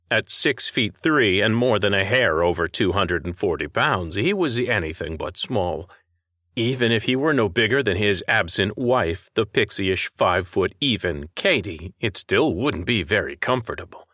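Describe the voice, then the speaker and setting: A man narrating a fiction story in a steady, expressive reading voice. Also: low voice, no room sound, studio quality. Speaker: story reader.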